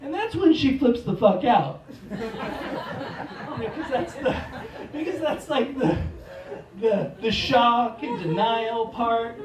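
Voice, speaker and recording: Male stand-up comic with a slow, rambling, self-deprecating delivery and loud outbursts, recorded from a distance in a reverberant theater. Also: very high-pitched, animated, a crowd in the background. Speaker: stand-up comedian. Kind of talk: stand-up comedy set. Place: theater stage. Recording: echoey theater, mic from a distance.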